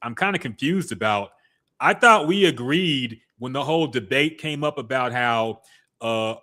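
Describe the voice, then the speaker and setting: A man co-hosting a podcast, giving animated, casual opinions with swearing and quick bursts. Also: mid-range voice. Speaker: podcast co-host.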